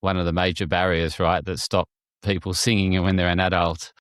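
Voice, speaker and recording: A man hosting a podcast, talking in a conversational way with many halting restarts. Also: low-pitched, flat delivery, fairly bright tone, smooth, no room sound, studio quality. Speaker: podcast host. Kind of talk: podcast interview.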